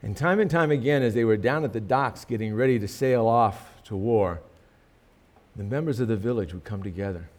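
A man's voice: fairly low pitch, normal speed, darkish tone. A male pastor praying earnestly and then telling a story in a sermon, with emphatic rises in his delivery.

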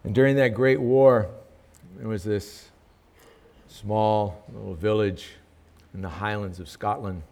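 A man's voice: fairly low pitch, steady tone, slow, vocal fry, a little mellow. A male pastor praying earnestly and then telling a story in a sermon, with emphatic rises in his delivery.

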